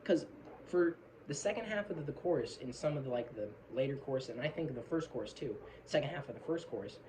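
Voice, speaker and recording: Casual male fan recording on his phone: rambling, self-apologetic, swears, middle-pitched, faint hiss behind. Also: animated, fast. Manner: rambling, apologetic, swears casually, hums riffs and sings snatches of lyrics. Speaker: metal fan analysing song lyrics. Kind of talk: casual rambling video commentary. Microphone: phone camera.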